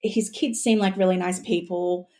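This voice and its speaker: A woman's voice: lowish voice, fairly even intonation, normal speed, warm tone. An Australian woman, a guest historian, talking in a casual podcast conversation, chatty and full of restarts and asides.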